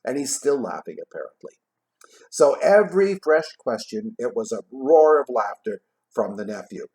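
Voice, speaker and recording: A man casually retelling a classic story in a vlog, tossing in jokey asides and trailing off quietly at the ends of his thoughts. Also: mid-range voice, big pitch swings, normal speed. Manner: chatty, jokey, adds asides while retelling. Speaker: vlogger reading a classic novel aloud.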